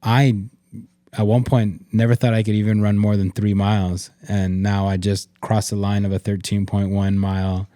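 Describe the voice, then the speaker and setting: A man's voice: lowish voice, level tone, normal speed, mellow, no echo, clean studio sound. A young man co-hosting a podcast, talking encouragingly with his partner, with small stutters and repeats. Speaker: podcast co-host. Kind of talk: casual conversation with partner.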